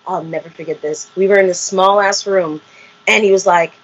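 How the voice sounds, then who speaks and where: Husky woman telling an animated story. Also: lowish voice, normal speed. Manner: animated, acts out quotes, laughs often. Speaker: interview guest, reality show cast member. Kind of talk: candid storytelling interview. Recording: muffled lo-fi audio.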